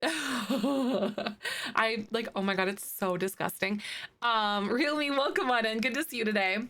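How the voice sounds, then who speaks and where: A woman's voice: on the high side, unhurried, a bit bright. A woman live streamer chatting casually with her viewers as she plays, laughing often and peppering her talk with fillers. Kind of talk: casual chat with viewers while playing.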